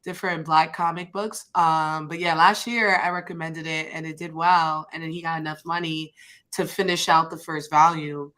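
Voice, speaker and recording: Bright-voiced New York woman. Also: deep voice, moderate pace. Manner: animated, laughs a lot, lots of fillers. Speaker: podcast co-host. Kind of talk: casual chat.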